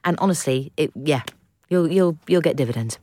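A woman's voice: deep voice, normal speed, dark tone. A woman co-hosting a podcast in casual chat, effusive and theatrical, often gasping with delight. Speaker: podcast co-host.

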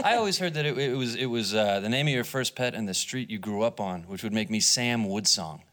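A man's voice: on the low side, animated, fairly quick, a bit bright. A man on a comedy panel, chatting and stumbling through a funny story. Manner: chatty, stumbling, laughs between lines. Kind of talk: casual comic banter.

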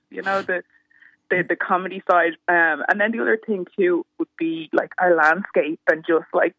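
A woman's voice: sits low, no echo. Chatty woman on a phone line. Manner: chatty, self-mocking storyteller. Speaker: panel guest, presenter and activist. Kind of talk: casual chat on a radio panel.

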